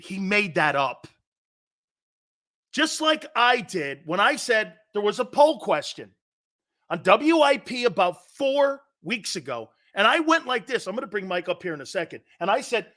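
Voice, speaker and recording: A man's voice: high-pitched, sing-song, moderate pace, fairly bright tone. A man hosting a sports talk show, combative and opinionated, firing rhetorical challenges.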